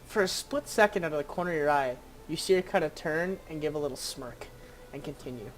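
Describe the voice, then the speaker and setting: A game master narrating a tabletop game scene, halting with many fillers and restarts. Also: mid-range voice, lively intonation, slight background noise.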